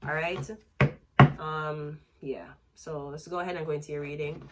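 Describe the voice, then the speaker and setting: A woman's voice: deep voice, fairly even intonation, normal speed, very noisy. A woman giving a rambling, blunt tarot reading, crude and casual. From Jamaica. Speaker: tarot reader.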